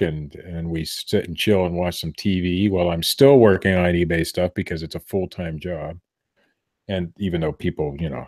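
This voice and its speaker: A man's voice: low voice, darkish tone. A middle-aged man co-hosting a podcast from a room at home, chatting casually and rambling, often cutting himself off mid-sentence. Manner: rambling, self-interrupting. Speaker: podcast co-host. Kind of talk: casual chat.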